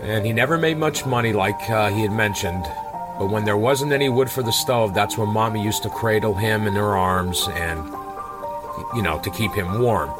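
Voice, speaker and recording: A low-voiced man retells a comic story panel by panel. He talks loosely and casually, with many fillers along the way. Music plays behind his voice. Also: normal speed, poor audio.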